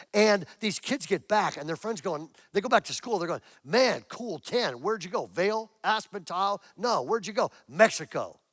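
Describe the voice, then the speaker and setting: High-voiced animated pastor telling a story. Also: male voice, no room sound. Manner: animated storyteller acting out quotes, building to excited. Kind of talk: sermon storytelling.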